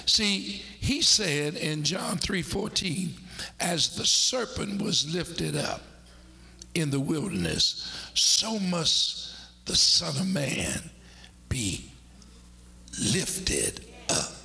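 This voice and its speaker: A man preaching a sermon emphatically, with dramatic pauses, swinging from loud bursts to near-whispers. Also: fairly high pitch, sing-song, gravelly.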